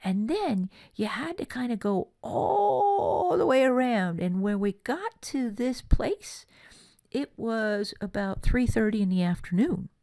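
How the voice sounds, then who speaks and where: A woman from California giving a motivational workshop talk, telling personal stories in a chatty, lively way. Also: a little high, slow pace, creaky, no echo. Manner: chatty storytelling, lively asides. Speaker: workshop presenter.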